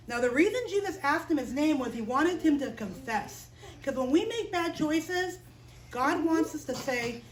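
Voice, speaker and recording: A woman teaching children's chapel, telling a Bible story in an expressive, playful way and asking the kids questions. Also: high voice, moderate pace, a little hiss or hum, poor audio.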